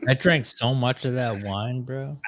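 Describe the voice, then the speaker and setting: A man's voice: medium pitch, measured pace, fairly bright tone, a little hiss or hum. A man co-hosting a podcast, joking and swearing in casual banter with friends. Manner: joking, profane, laughs a lot. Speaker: podcast co-host.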